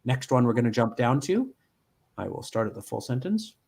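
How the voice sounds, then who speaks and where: A man giving a live software demonstration from home, explaining step by step with frequent ums and restarts. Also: medium pitch, big pitch swings, normal speed, creaky, a little hiss or hum.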